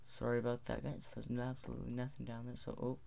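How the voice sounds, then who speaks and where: A man's voice: medium pitch, monotone, fast, gravelly, warm tone. A teenage boy giving gameplay commentary, rambling, muttering to himself and correcting his words. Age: teens. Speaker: gaming video host.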